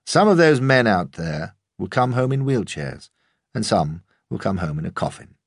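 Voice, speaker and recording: A man's voice: fairly low pitch, very animated, moderate pace, no room sound, studio quality, voice pushed up. A man playing a blunt, grimly commanding army captain in an audiobook.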